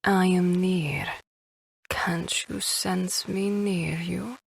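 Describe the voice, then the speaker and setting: Sniper Wolf, a man voicing a husky, purring woman sniper. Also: sits high, no room sound, voice pushed up, exaggerated voice. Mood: taunting. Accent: Middle Eastern. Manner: slow, taunting, drawn-out delivery. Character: seductive ruthless female sniper, adult woman. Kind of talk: audiobook character voice.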